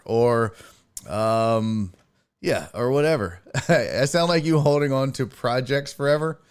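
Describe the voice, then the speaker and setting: A man's voice: mid-range voice, takes it slowly, clean tone. A man from Houston, hosting a sports livestream and chatting loosely with viewers, swearing freely and using lots of fillers. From Houston, Texas. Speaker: sports show host. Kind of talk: casual livestream chat reading the chat.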